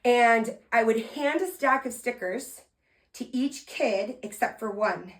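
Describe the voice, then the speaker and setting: Lively woman motivational speaker, slightly high. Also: slow pace. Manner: lively and playful, with sudden loud emphasis and soft, earnest asides; talks to listeners directly, asking them to respond. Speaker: podcast host and motivational speaker. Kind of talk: energetic motivational storytelling.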